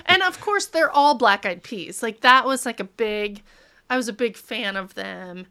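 A bubbly woman in her thirties chatting as a podcast guest, her voice sitting a little high. She laughs often and acts out the moments of her stories as she tells them. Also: animated, unhurried, bright, forceful tone, smooth. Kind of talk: casual chat.

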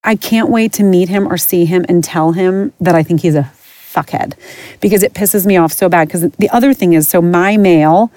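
Middle-aged woman, podcast host, blunt profane rant, lowish voice, dry close sound. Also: moderate pace, mellow, no echo. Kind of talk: casual ranting monologue.

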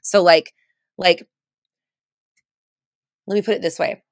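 A woman's voice: fairly low pitch, steady tone, takes it slowly, dry recording, clean studio sound. A woman giving casual, chatty coaching on a live stream, full of fillers and restarts, stressing points by repeating phrases.

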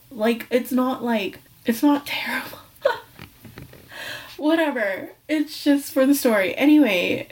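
A woman's voice: fairly high pitch, darkish tone, recorded from a distance, rough recording. A young woman hosting a personal podcast, telling a story candidly and profanely, rambling and correcting herself, sometimes drifting off the mic. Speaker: podcast host.

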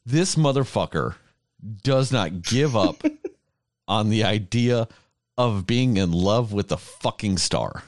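Male co-host, worked-up and emotional, profane rant with laughs breaking in; lively pitch, dry mic. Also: slow pace, dry recording. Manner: heavy swearing, worked-up ranting; emotional, laughs between words. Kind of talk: casual chat.

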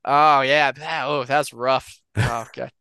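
A man co-hosting a podcast, telling urban legends in a relaxed, rambling way with fillers and restarts. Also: medium pitch, unhurried, smooth, no room sound. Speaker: podcast co-host. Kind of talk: casual storytelling of urban legends.

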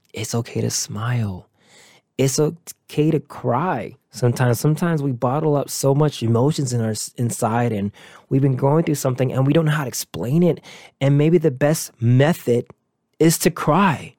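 A man's voice: medium pitch, warm tone, no echo, studio quality. Earnest man hosting a motivational podcast. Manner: earnest, encouraging, rambling. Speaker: podcast host.

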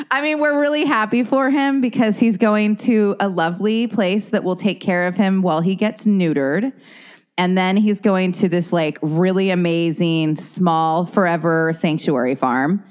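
A woman's voice: fairly low pitch, measured pace, clear, resonant tone. A woman co-hosting a podcast, chatting casually and rambling, laughing often. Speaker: podcast co-host. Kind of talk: casual chat.

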